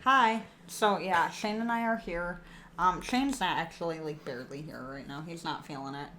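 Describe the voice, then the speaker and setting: A woman's voice: on the low side, normal speed, bright, forceful tone, slight background noise. A woman co-hosting a podcast in casual chat, talking in a loose way with many fillers. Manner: chatty, uses fillers like um and like. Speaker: podcast co-host.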